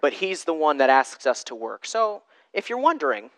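A man preaching a teaching sermon, talking straight to his listeners, moving from loud stressed words to hushed asides. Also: fairly high pitch, big pitch swings, moderate pace, few pauses. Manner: conversational, addresses listeners directly. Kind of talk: sermon teaching from note sheet.

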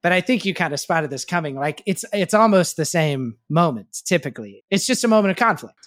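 A man co-hosting a casual parenting podcast, thinking out loud in a reflective way and swearing freely. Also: fairly high pitch, expressive, a little fast. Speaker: podcast co-host.

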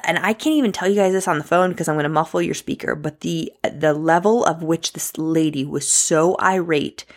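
A young adult woman hosting a podcast, telling a story in a casual way and acting out the voices she quotes. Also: low voice. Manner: animated, acts out quoted voices. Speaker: podcast host.

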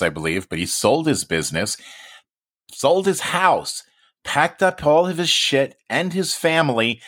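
Deep-voiced casual podcast host. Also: male voice, a bit bright. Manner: loose, chatty, swears casually.

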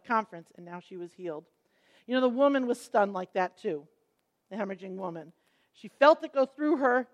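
A woman's voice, set a little high, teaches a Bible passage as a lively story. She is middle-aged and acts out the quoted lines as she goes, slowing down to stress key points.

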